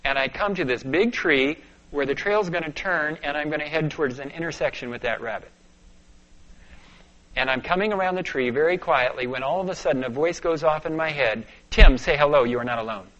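Male preacher, slightly high voice, storytelling sermon with hushes and sudden lifts, muffled recording. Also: a little fast. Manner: storytelling, dropping to hushed tones and rising to urgent bursts. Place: church sanctuary. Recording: dull lo-fi sound.

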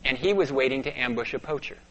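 Storytelling preacher, muffled lo-fi sound. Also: male voice, medium pitch, fast. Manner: storytelling, dropping to hushed tones and rising to urgent bursts. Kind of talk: sermon with personal story. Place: church sanctuary. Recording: dull lo-fi sound.

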